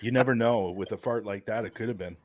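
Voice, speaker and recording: A man's voice: fairly low pitch, fast talker, dry recording. A man joining a paranormal talk show, joking around in casual banter. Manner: joking, lively. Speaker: paranormal investigator co-host.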